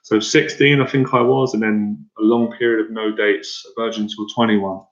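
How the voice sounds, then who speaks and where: A man's voice: on the low side, fairly even intonation, moderate pace. Man, dating coach, blunt, rambling, restarts sentences, roomy echo, dull lo-fi sound. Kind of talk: motivational talk to an audience. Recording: echoey room, dull lo-fi sound.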